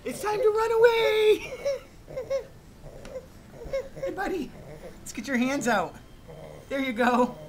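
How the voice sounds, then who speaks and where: A woman's voice: extremely high pitch, very animated, measured pace, low-quality recording. A woman cooing, coaxing and cheering on a baby in a home video.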